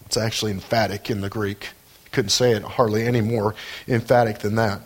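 A man preaching a sermon as pastor of his church, earnest and measured. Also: on the low side, level tone.

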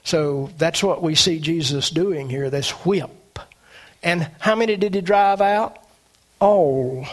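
A man preaching a sermon, animated, with dramatic swings in pitch and loudness. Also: unhurried.

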